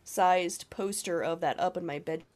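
A woman's voice: on the low side, measured pace, darkish tone. Nasal woman with a cold. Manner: enthusiastic, swears casually. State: has a cold, nasal and scratchy. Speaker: podcast co-host. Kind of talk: casual horror podcast chat.

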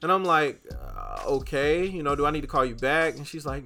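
A young man with a bright, forceful voice tells a story on a podcast in a loose, casual way. He gets louder and higher as the story heats up, and faint music sits behind him. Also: moderate pace. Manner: animated, gets loud and high when excited. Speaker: podcast host.

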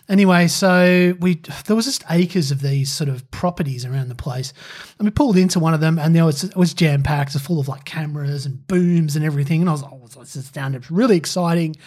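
This man's voice is a little high and darkish in tone. Co-hosting a podcast, he tells a personal story in a rambling, casual chat, full of fillers and laughs.

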